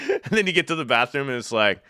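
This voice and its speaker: A man's voice: medium pitch, sharp tone, no room sound, clean studio sound. A young man from upstate New York chatting casually with his live chat from home, reading out messages and telling loose, profane stories with bursts of laughter. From Syracuse, New York. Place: home room.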